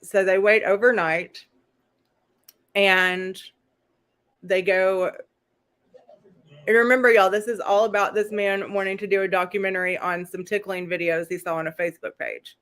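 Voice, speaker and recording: A woman hosting a live-stream chat, retelling a story in a loose, rambling way. She chats casually, breaks off with quick laughing asides, and keeps the tone conversational throughout. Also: medium pitch, level tone, a bit bright, clean tone. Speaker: host.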